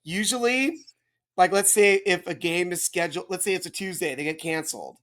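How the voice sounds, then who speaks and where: A man's voice: high voice, a little fast, fairly bright tone. A man casually explaining baseball rules to a beginner, rambling, correcting himself and checking in with his listeners.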